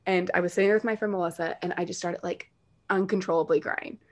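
Chatty woman telling animated stories. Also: fairly low pitch. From based in New York City. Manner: animated storytelling, quick asides and filler words. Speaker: podcast guest, dog-mom influencer. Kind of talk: casual chat.

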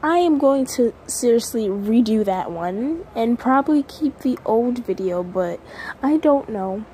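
A woman's voice: on the high side, animated, unhurried, dark tone, slight background noise, rough recording. A woman vlogging casually at home to her viewers, nervous and rambling, close to tears. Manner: nervous and rambling, with many restarts and sighs.

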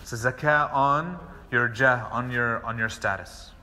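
Animated imam in a reverberant hall. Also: male voice, mid-range voice, measured pace. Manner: animated storytelling with acted-out dialogue. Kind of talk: lecture. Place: mosque hall.

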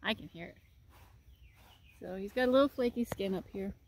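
A woman vlogging outdoors in a rural paddock as she tends her horse, talking casually to the phone camera in a soft, chatty way. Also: mid-range voice, a little fast. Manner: chatty, soft-spoken, fond baby talk to the horse. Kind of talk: casual vlog talk to camera. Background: birds and outdoor ambience.

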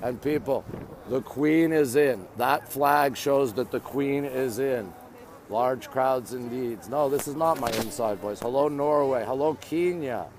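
A man's voice: medium pitch, a little mellow. A man live-streaming from his phone outdoors, chattily greeting viewers and answering their comments as he walks. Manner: chatty, repeatedly greets viewers and says "there you go". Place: outdoors at a city landmark.

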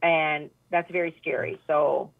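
A woman guest talking earnestly in a casual interview chat, often animated and full of fillers. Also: low voice, measured pace, creaky, no room sound. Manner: earnest, animated when retelling, many fillers. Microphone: phone call. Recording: tinny phone line.

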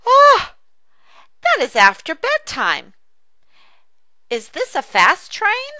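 A woman voicing an excited little child in a read-aloud dialogue, with squealing delight. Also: extremely high pitch, slow, dry recording, clean studio sound, voice pushed up, exaggerated voice.

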